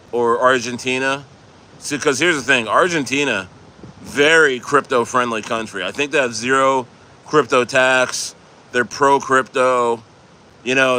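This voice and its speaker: A man's voice: mid-range voice, sharp tone, clear, resonant tone. A man livestreaming outdoors, reading out and answering his chat in a loose, rambling way, often laughing and trailing off mid-sentence. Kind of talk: casual rambling live stream chat. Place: outdoors near the coast.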